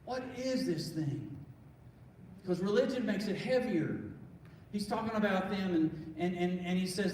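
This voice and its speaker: A man with a high voice preaches a sermon, earnest and conversational, and often restarts his sentences. He sounds distant, recorded from far across a church sanctuary. A long reverb and a faint hiss of room noise hang around his words. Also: sing-song, normal speed. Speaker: pastor. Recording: echoey hall from far off.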